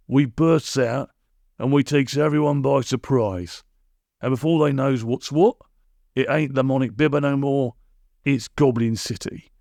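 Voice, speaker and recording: A man's voice: medium pitch, gravelly, a little mellow, dry recording. A man voicing a boastful, nasty old villain who talks in coarse broken grammar. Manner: coarse ungrammatical bluster.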